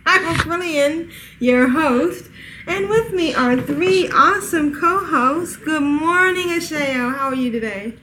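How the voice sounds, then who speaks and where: Giggly high-voiced woman hosting a podcast. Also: lively intonation, pushed and bright, a little hiss or hum, rough recording. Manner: giggly, teasing, slow and playful. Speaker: podcast host. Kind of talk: casual podcast chat.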